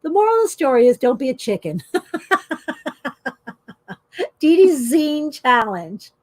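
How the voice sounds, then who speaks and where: A woman's voice: high-pitched, very animated, a little slow. A woman hosting a casual art journaling chat from home, reading stories aloud with expression and laughing often. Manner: chatty, warm-hearted, laughs often, reads stories with expression. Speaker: art journaling video host.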